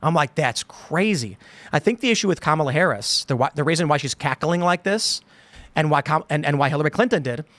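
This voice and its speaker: A man in his thirties talks through a long story on a podcast, wandering from point to point and now and then slipping into mimicked voices. His voice sits a little high for a man. The sound is dry and close, with no room around it. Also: expressive, fast talker, a bit bright, no room sound. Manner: rambling, acts out quotes in put-on voices. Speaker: podcast host. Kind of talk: casual political chat.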